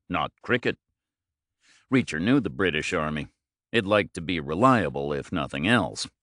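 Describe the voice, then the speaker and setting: A man narrating an audiobook in measured, clipped phrases. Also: sits low, fairly bright tone, no echo, clean studio sound.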